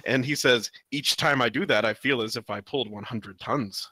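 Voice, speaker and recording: A man's voice: mid-range voice, normal speed, sharp tone, dry recording. A man co-hosting a comedy podcast, reading a webcomic aloud with frequent giggles and silly voices. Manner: giggly, reads out panel dialogue in silly voices. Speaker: podcast co-host.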